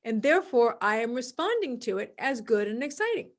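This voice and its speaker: A woman hosting a podcast, explaining an idea calmly and repeating her key words, sometimes acting out other people's voices. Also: fairly high pitch, fairly quick. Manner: acts out quoted voices in a dramatic, excited tone. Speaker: podcast host. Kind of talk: solo podcast talk.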